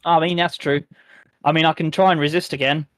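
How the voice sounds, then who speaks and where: A man's voice: fairly high pitch, brisk, no echo. Sweary man playing a tabletop game, dry sound. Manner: swears freely, hesitant restarts, animated rants. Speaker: player. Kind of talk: casual tabletop game chat.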